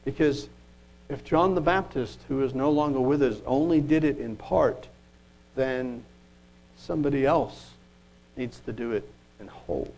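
A man preaching a sermon, reading scripture aloud and asking rhetorical questions, earnest with quiet asides. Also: medium pitch, a little slow, pauses often, poor audio.

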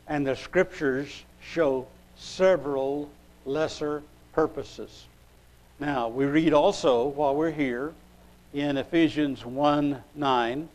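A man preaching a sermon, reading scripture aloud and pausing as he looks up verses. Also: on the high side, poor audio. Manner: unhurried, pausing while looking up verses.

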